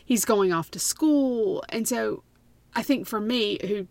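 A woman, co-hosting a casual book chat in an animated, teasing and emphatic way. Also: a little high, slow, gravelly, no echo. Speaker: podcast co-host and teacher.

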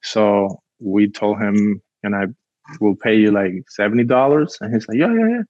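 A man's voice: lowish voice, fairly even intonation, measured pace, darkish tone, dry recording, lo-fi sound. A man from Cuba, a guest telling a story in a rambling casual way, full of "like", acting out what people said. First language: Spanish. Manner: rambling, heavy use of "like", acts out quotes.

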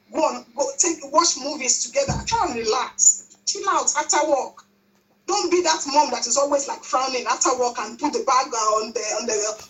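A woman's voice: high-pitched, fairly bright tone, far from the mic, low-quality recording. A woman preaching a sermon, repeating her exhortations, with frequent restarts. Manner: repetitive, exhorting, many restarts. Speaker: church speaker. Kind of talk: sermon on parenting.

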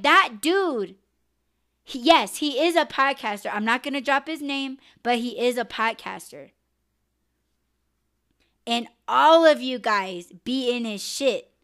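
A young woman hosting a live podcast, venting bluntly and with lots of swearing. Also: sits high. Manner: blunt, profane, animated venting. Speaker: podcast host. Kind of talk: casual live podcast rant.

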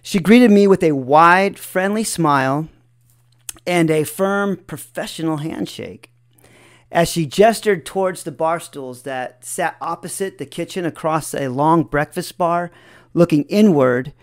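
Slow, chuckling male storyteller. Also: sits high. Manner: chuckles often between sentences. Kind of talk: reflective personal storytelling.

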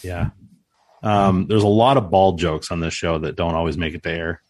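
A man's voice: sits low, fairly even intonation, moderate pace, darkish tone, dry recording. A man co-hosting a podcast, telling rambling, self-deprecating stories in casual chat. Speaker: podcast co-host. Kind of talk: casual storytelling.

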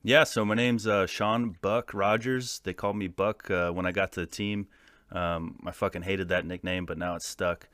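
Profane storytelling American man, low and dry. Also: normal speed, no room sound. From United States. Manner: profane, animated anecdote-telling with laughs. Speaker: podcast guest, former soldier. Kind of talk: casual storytelling.

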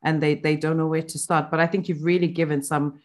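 A woman with a fairly low voice hosts a podcast conversation. She talks in a loose, chatty way, full of "you know" and restarts, and laughs easily. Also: little pitch movement. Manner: chatty, quick to laugh, lots of fillers. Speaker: podcast host. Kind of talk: casual interview chat.

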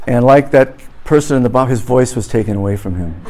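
A man's voice: mid-range voice, expressive, fast talker, crowd noise. A middle-aged man, a pastor, preaching a sermon before a live audience, telling a humorous story with comic exaggeration and then moving into a blessing.

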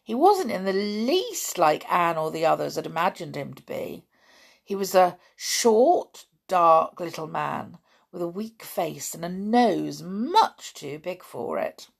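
A woman reading a classic children's story aloud, steady and expressive. Her voice sits fairly low, with a husky, breathy edge and a creaky, gravelly grain. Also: slow.

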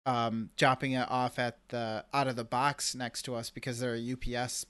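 Casual podcast co-host, man, lively storyteller, dry close sound. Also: mid-range voice, moderate pace, smooth, no echo. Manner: animated storyteller, acts out his own reactions.

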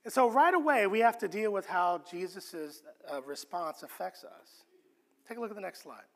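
A man preaching a sermon, earnest and expressive, often restarting his words as he teaches. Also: sits high, normal speed, in a large hall. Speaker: pastor.

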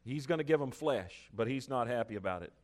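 A man preaching a sermon, reading scripture aloud and breaking off into lively, chuckling asides. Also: medium pitch, brisk.

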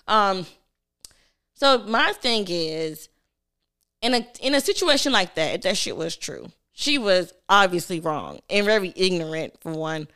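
A woman's voice: mid-range voice, fairly bright tone, clean tone. A woman from Jamaica co-hosting a podcast, blunt and teasing in casual chat. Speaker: podcast co-host.

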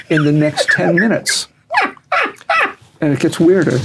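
Gravelly storytelling man. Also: steady tone, normal speed, background noise. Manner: acts out quotes with raised pitch. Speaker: guest telling a story. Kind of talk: animated storytelling.

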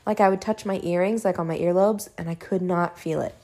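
Young adult woman, casual home vlogger, chatty and animated storyteller, sprinkles in swearing. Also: fairly low pitch, a little fast. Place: home room.

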